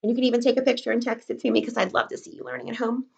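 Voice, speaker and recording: A young woman teaching kindergarten remotely from home, speaking in a slow, encouraging, sing-song teacher voice and sounding words out. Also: fairly high pitch, flat delivery, vocal fry, a little mellow, a little hiss or hum. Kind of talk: remote lesson for young children. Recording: dull lo-fi recording.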